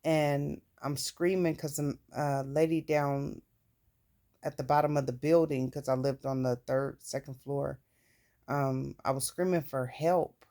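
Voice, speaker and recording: A woman's voice: very deep voice, steady tone, unhurried, mellow. A woman recounting her own life story in a candid, plain-spoken way, with casual swearing. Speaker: vlogger. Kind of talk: personal storytelling.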